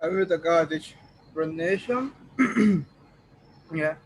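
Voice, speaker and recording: A male student whose first language is Spanish reading English sentences aloud haltingly in class. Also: on the high side, animated, slight background noise, poor audio.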